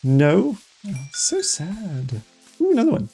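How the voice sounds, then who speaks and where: A streamer giving excitable, chatty live gameplay commentary and talking straight to the viewers. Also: medium pitch, slow pace, husky, faint music behind.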